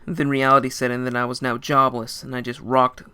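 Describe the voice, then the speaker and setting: A man's voice: mid-range voice, flat delivery, fairly quick, sharp tone, clean tone. A young man narrating a first-person story in a casual, dramatic way. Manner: casual, dramatic, with short laughs.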